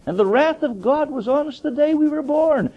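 A man preaching a sermon with fervent rhetorical questions, his voice climbing to high emphatic peaks. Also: animated, moderate pace. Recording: dull lo-fi sermon recording.

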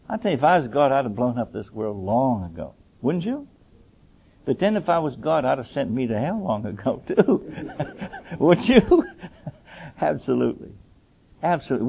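A man preaching a sermon with fervent rhetorical questions, his voice climbing to high emphatic peaks. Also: darkish tone, husky. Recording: dull lo-fi sermon recording.

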